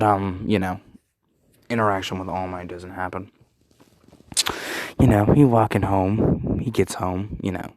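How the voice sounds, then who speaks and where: A man's voice: sits low, gravelly, no room sound. A young man casually telling a fan story, rambling with lots of fillers and swearing.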